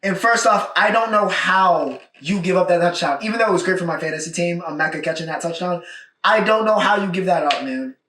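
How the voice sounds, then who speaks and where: A young man hosts a solo sports recap, casual and emphatic, circling back to drive his points home. His voice sits a bit high. He sounds set back from the mic in a roomy, echoing space. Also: a little fast, sharp tone. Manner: casual, emphatic, repeats points with "all right?". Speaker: podcast host. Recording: echoey room, mic at a distance.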